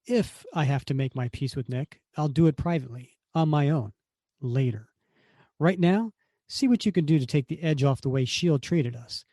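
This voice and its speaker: A man's voice: on the high side, normal speed, dark tone, no echo, clean studio sound, close to an everyday voice. A man reading the lines of a blunt, defiant soldier hero in his own voice.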